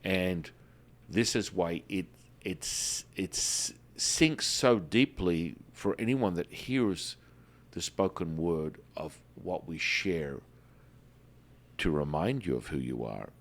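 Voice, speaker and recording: Very deep-voiced man, playful. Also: slow pace. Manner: animated, playful, calls listeners baby. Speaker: podcast host. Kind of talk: casual spiritual podcast talk.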